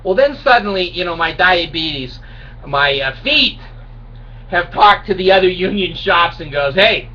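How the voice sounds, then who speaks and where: A man's voice: sits high, animated, measured pace, sharp tone. A man in his sixties telling a rambling, self-mocking comic story to camera. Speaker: video blogger. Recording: dull distant home recording with faint hiss.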